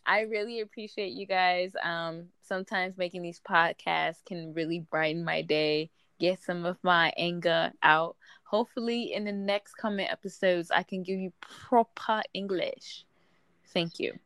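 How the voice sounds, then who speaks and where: A woman's voice: lowish voice, fairly even intonation, unhurried, a bit bright, clear, resonant tone, no echo. A young woman co-hosting a casual podcast, firing back dry, wry comebacks. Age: young adult. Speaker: podcast co-host. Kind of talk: casual chat.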